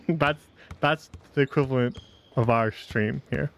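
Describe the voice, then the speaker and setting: A man's voice: medium pitch, a little slow, creaky, a little hiss or hum. A man chatting casually on a live stream, laughing often and rambling between jokes. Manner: giggly, rambling, self-mocking.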